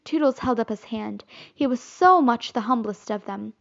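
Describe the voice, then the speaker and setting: A woman narrating a children's classic as an audiobook, in expressive storytelling. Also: a little high, moderate pace, vocal fry. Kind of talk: audiobook reading. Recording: slightly muffled recording.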